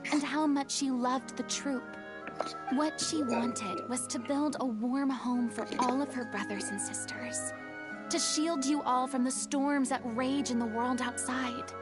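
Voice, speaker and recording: A woman voicing a stern, commanding young woman in a game cutscene, lecturing a quarreling group with firm authority. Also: sits high. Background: music.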